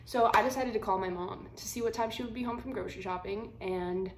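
A twenty-year-old woman vlogging, telling a story to camera in a blunt, slangy, animated way. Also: mid-range voice, brisk. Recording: roomy echo, faint room hum.

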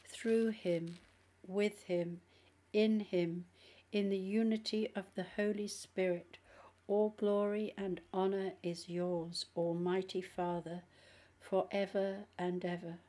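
A woman's voice: mid-range voice, flat delivery, dark tone, close to an everyday voice. A woman reading a solemn, commanding priest. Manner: measured, commanding intoning.

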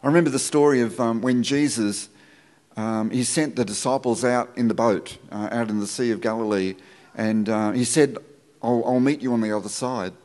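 A man's voice: medium pitch, moderate pace, darkish tone. A man preaching as a pastor, telling a Bible story and reading scripture aloud in a reflective, unscripted way with frequent fillers and restarts. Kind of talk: sermon.

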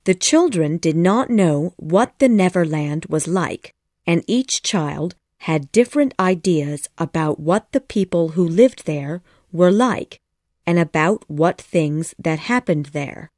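Slow, mellow woman reading a storybook. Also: lowish voice, animated, no room sound, studio quality. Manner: measured, clear storytelling. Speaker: audiobook narrator. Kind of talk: scripted narration.

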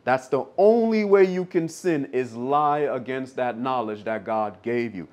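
Man preaching a sermon; firm, repetitive emphasis, middle pitch. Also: measured pace, darkish tone. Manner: insistent, repeats lines for emphasis.

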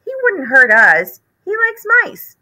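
Storybook: woman reading cocky young boy mouse, bright and lively, pitched up. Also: slow pace, full character voice, poor audio. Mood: eager. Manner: eager, boastful.

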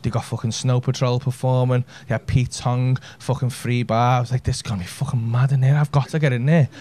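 A man's voice: mid-range voice, flat delivery, fairly quick, mellow. A man, telling a brash, sweary story in a stand-up set. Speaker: stand-up comedian. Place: comedy club stage with audience laughter.

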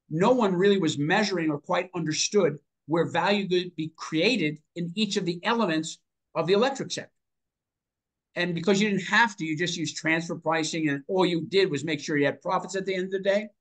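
A man's voice: sits high, fairly quick. A man on a panel, talking emphatically with rhetorical asides and growing enthusiasm. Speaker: panel guest, finance expert.

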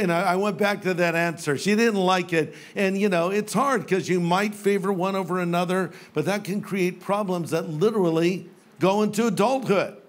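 Older male pastor preaching, light and funny, voice a touch high. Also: normal speed. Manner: humorous storytelling with playful quoted voices. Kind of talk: sermon. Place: church sanctuary with live audience.

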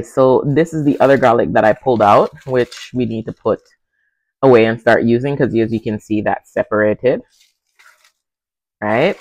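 A man chatting casually through a home garden vlog outdoors, excitable and talkative, often saying "y'all" while filming on a handheld phone. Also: medium pitch, dry recording. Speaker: garden vlogger.

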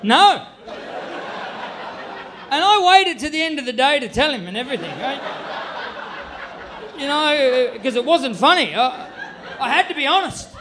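A man with an Australian accent doing stand-up comedy in an animated, shouting delivery. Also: very high voice, normal speed, pauses often, a crowd in the background, noisy background.

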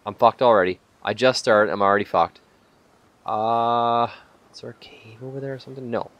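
A man playing a survival video game and talking through it in casual commentary, chatty and profane, with sudden excited yelps. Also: medium pitch, moderate pace, lo-fi sound. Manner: chatty, swears a lot, bursts into excited yelps. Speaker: gaming channel host. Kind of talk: let's play commentary.

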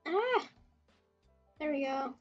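A woman's voice: high-pitched, lively intonation, slow pace, muffled recording, faint music behind. A woman streaming while she draws, chatting casually and rambling as she reacts to chat, with frequent giggles. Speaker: webtoon artist streamer.

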